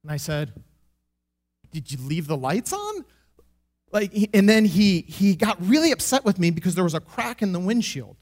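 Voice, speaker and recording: High-voiced man telling a personal testimony. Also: moderate pace. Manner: animated, self-deprecating, laughs often. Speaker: church member giving a testimony. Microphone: microphone.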